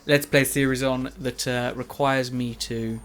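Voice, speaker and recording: Over faint background music, this male Let's Play commentator speaks at medium pitch with little rise or fall, unhurried and a bit bright. His talk over his own gameplay footage is chatty, rambling and self-mocking.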